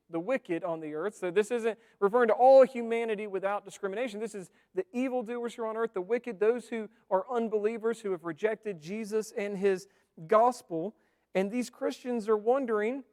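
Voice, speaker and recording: High-voiced pastor preaching in a church hall. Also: male voice, brisk, a little mellow. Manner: conversational, asking the congregation questions. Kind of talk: sermon.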